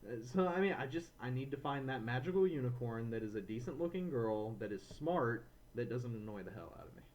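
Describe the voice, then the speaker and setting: Podcast co-host, male, casual ranting storyteller, mid pitch. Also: fairly quick. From Florida, USA. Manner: animated ranting, acts out others in quotes.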